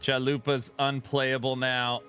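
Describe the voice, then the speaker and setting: A man's voice: medium pitch, completely flat delivery, measured pace, fairly bright tone, faint music behind. A man streaming, reading viewer comments aloud in a casual, wry, amused way. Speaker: streamer reacting to game patch notes.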